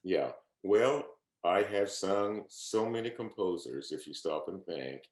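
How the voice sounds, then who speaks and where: Very deep older man reminiscing. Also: slow, reverberant. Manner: reminiscing, earnest, humble, repeats quoted speech. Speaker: interviewee, opera singer. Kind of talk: oral history interview. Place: at home, on a video call.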